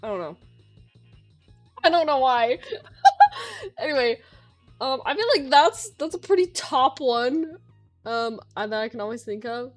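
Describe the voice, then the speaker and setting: Slow, chatty young woman streamer. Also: high-pitched, expressive, faint music behind. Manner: chatty, lots of filler words. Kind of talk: casual Q&A chat.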